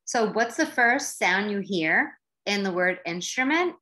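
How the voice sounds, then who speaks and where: A woman teacher with an American accent leads a classroom lesson for young learners. She speaks slowly, in a very lively and varied voice. Her manner is encouraging, and she stretches words out syllable by syllable. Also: mid-range voice. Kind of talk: slow, clear classroom instruction for young learners.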